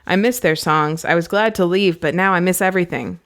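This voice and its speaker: A woman reading a novel aloud, voicing a polite young male prince in a lowered, measured voice. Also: fairly bright tone, lightly acted. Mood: courteous.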